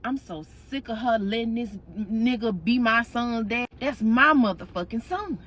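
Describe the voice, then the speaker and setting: A woman's voice: fairly high pitch, expressive, moderate pace, a bit bright. A woman voicing her crude, resentful ex-husband in a sullen, grumbling tone.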